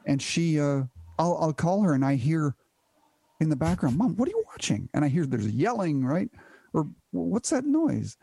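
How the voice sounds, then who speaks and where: A man's voice: on the high side, sing-song, moderate pace, creaky, dark tone, husky. A man from Canada in casual comedic chat, tossing in crude wisecracks. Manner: wisecracking, crude one-liners.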